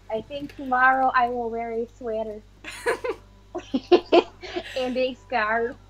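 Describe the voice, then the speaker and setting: A woman's voice: a little high, level tone, slow pace, a bit bright, dull audio, slight background noise. Sarcastic woman bantering on a podcast. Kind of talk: casual chat.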